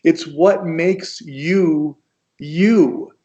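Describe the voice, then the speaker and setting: An American man speaking as a guest on a video call, talking in a slow, gentle and encouraging way. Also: a little high, highs cut off. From United States.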